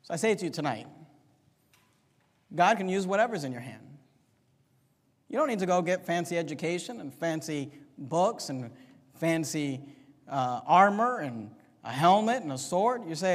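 A man preaching a sermon to his congregation, swinging between loud, emphatic declarations and quiet, conversational storytelling. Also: on the high side, animated, moderate pace, big-room sound. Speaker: pastor. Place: church sanctuary.

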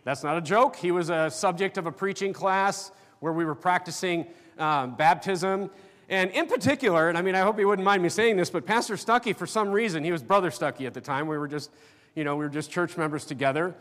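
Middle-aged preacher in an echoing hall. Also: male voice, high-pitched, fairly bright tone. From North Dakota. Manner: conversational, halting with fillers and restarts. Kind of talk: sermon. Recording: long reverb of a church hall.

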